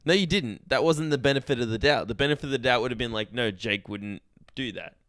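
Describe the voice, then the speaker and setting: A man's voice: mid-range voice, a bit bright, dry recording, clean studio sound. A man co-hosting a comedy podcast, teasing and arguing points in casual banter. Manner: teasing, quick to argue a point. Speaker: podcast co-host.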